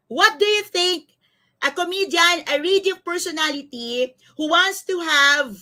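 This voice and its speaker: Lively high-voiced woman coach. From Philippines. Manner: animated storyteller, quizzing viewers, reading chat comments aloud. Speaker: life coach. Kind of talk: live-streamed motivational talk.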